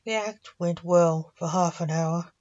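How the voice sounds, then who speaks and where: A woman reading a story aloud in a slow, even storytelling manner. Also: lowish voice, highs cut off.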